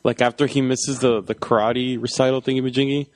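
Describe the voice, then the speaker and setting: A man guesting on a podcast, telling stories with laughs and mimicking people in high voices. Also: little pitch movement, brisk, no echo. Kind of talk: casual movie chat.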